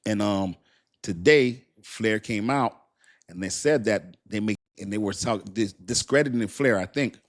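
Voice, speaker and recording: Speaking at a measured pace in a lowish voice, a man runs a casual crypto live stream. He chats a lot, says things more than once, and thanks viewers warmly and frequently.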